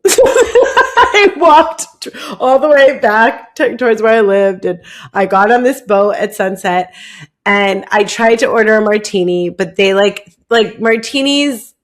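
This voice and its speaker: A young woman telling a long personal story in casual podcast chat, rambling and animated, with many "like"s. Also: on the high side, measured pace. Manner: rambling, animated, heavy use of "like". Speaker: podcast guest.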